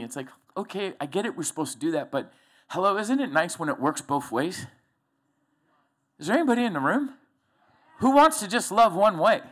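A middle-aged man preaching a folksy, animated sermon to a church congregation, telling personal stories. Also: high-pitched, a little fast. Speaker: pastor.

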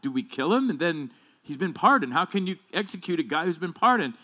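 A briskly paced male pastor with big pitch swings gives a conversational, casual sermon that meanders with asides and restarts. At key points it turns emphatic, building in loudness and pitch.

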